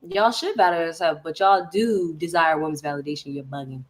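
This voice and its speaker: A woman speaks as a guest in a casual livestream chat, earnest and conversational. Her voice is notably low for a woman. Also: steady tone, brisk, low-quality recording. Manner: earnest, conversational, laughs often.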